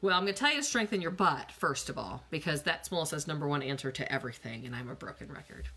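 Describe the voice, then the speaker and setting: A woman's voice: low voice, quick pace, husky. A woman in her forties, a physical therapist, chatting casually on a live stream from her bedroom into a phone and answering viewer questions with frequent laughs. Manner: chatty, animated, laughs often, coaching tone. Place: bedroom at home.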